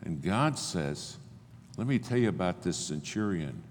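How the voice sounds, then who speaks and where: An older man preaching a sermon, telling stories and acting out the dialogue with big swings in pitch and loudness. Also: lively intonation, unhurried, slight background noise. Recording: long hall reverb, faint ambience.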